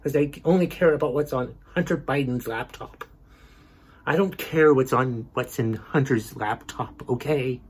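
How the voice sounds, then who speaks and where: A man's voice: mid-range voice, unhurried, slightly rough. A male podcast host delivering an exasperated, profanity-heavy rant. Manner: angry, exasperated, heavy swearing.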